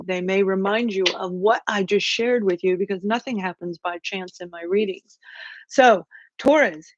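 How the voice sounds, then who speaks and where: A woman hosting a live tarot stream, chatty and animated, greeting viewers by name as she reads the cards. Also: medium pitch, dull audio. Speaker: tarot reader hosting a livestream.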